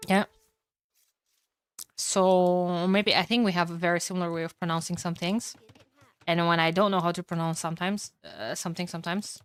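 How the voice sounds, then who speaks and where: A young woman with a Romanian accent casting a live strategy game match and chatting with her viewers, excitable and casual, with sudden loud exclamations and the odd curse. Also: fairly low pitch, a little slow, pauses often, smooth. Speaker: streamer casting games. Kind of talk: live game commentary and chat reading.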